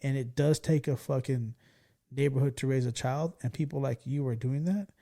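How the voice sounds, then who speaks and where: A man in his forties from California, hosting a podcast and telling stories in a loose, profane, excitable way. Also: mid-range voice, moderate pace, creaky. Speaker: podcast host. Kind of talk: casual storytelling chat.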